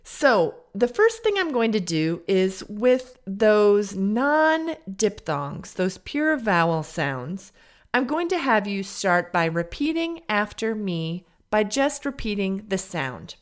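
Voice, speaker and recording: A woman from Illinois with a General American Midwest accent, an English teacher and podcast host giving a careful, deliberate pronunciation lesson. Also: medium pitch, very animated. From Illinois, United States. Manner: careful, deliberate teacher's delivery, drawing out model sounds. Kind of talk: slow, clear pronunciation lesson.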